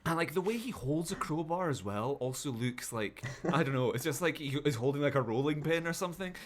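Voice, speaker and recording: A man's voice: a little high, lively intonation, a little fast, background noise. A man co-hosting a podcast, reviewing a bad film in casual, sweary chat and mocking the characters in put-on voices. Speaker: podcast co-host.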